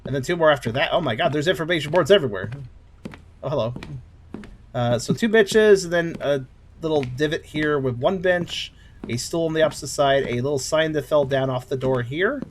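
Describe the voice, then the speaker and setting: A man with an Oregonian accent, his voice sitting a little high, talks his way through a game in a loose, joking ramble. He laughs easily and narrates what he sees as he goes, over a faint hiss. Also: fairly quick. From Oregon, United States. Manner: chatty, laughs often, jokey, thinks aloud. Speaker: let's play host. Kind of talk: casual gaming commentary.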